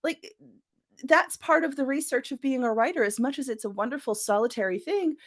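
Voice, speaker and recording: A woman's voice: high voice, a little fast. A woman author, a guest on an interview show, chatting casually about the craft of writing. She laughs often and fills her talk with "you know".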